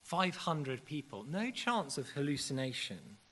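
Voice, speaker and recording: A man preaching a sermon in a church service, earnest and measured, with occasional fillers. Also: fairly high pitch, very animated, sharp tone.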